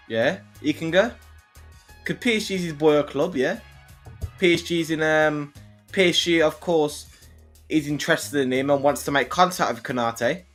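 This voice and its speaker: A man co-hosting a casual football livestream, giving his opinions in a halting way full of restarts. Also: fairly high pitch, a bit bright.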